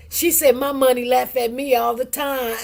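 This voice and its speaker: A woman's voice: high voice, a little slow, creaky. A woman telling a story in casual chat, laughing often and acting out what others said. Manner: animated, laughing, quotes others in changing voices. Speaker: host.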